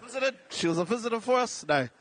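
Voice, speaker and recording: Joking South Auckland man, high voice. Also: expressive, fast talker, background noise. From New Zealand. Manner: jokey, self-deprecating. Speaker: comedian and radio host. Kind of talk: stand-up style talk. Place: large indoor venue.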